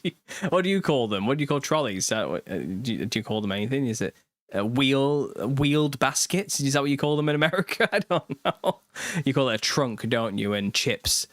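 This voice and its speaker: This host, a man from the United Kingdom in his thirties, runs a relaxed livestream where he chats, reads out viewer comments and laughs partway through sentences. He speaks briskly in a mid-range, sing-song voice that's a bit bright, on a dry recording.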